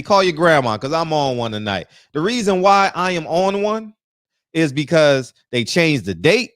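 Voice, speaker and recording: A male livestream host talking in loose, profane casual chat, calling out viewers one by one. His voice sits a bit high for a man. It comes across dry and close, with no room sound around it. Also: no room sound.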